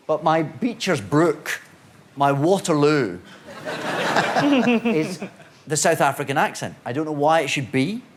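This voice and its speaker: A man's voice: a little high, slight background noise. A Scottish man, an actor on a TV panel show, telling a self-deprecating comic story and chuckling as he goes. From Scotland.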